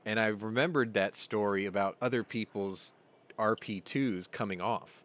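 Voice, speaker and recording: A man's voice: fairly low pitch, normal speed, fairly bright tone, muffled recording. A man hosting a casual weekly chat show, telling long, rambling stories and acting out both sides of conversations. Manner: rambling storyteller, retells dialogue. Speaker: host.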